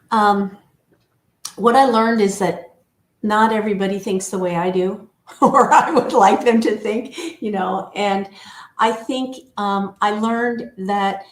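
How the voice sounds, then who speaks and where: Woman in her sixties, culture coach guest; measured, deliberate delivery; roomy echo. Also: medium pitch. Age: older. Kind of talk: conversational interview. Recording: echoey room.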